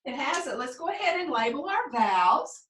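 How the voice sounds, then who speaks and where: A woman teaching first grade phonics, prompting young pupils and slowly sounding out words in a sing-song way. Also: high voice, big pitch swings, a bit bright, slight background noise. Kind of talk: remote phonics lesson for young children. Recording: echoey room, mic at a distance.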